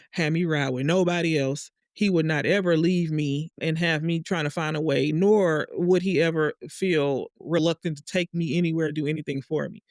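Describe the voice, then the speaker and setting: A woman telling a dream story in a casual monologue, acting out the other people in higher voices. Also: dry recording, clean studio sound. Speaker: vlogger sharing a dream and astrology.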